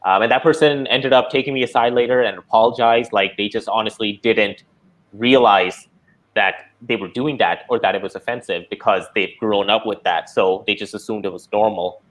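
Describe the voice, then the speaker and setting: A man guest in a casual discussion, telling stories in an expressive way and acting out quotes. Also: fairly low pitch, normal speed. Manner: storytelling, expressive, acts out quotes.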